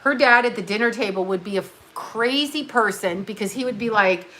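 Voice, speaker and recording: This is a woman in her fifties hosting a casual livestream and rambling as she paints her nails. Her talk is blunt and full of swearing, and it drifts from one thing to the next. Her voice sits at an ordinary middle pitch. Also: fairly quick, sharp tone. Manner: blunt, profane, chatty while doing her nails. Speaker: livestream host.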